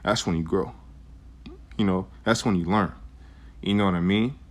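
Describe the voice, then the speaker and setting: A young vlogger with a low-pitched voice talks casually about faith at a moderate pace, full of slang and "you know." He also reads old scripture verses aloud.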